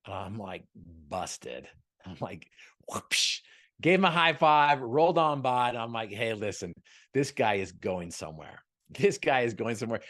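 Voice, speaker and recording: A man giving a motivational talk as a guest speaker on a video call, joking and telling stories in an earnest, upbeat way. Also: medium pitch.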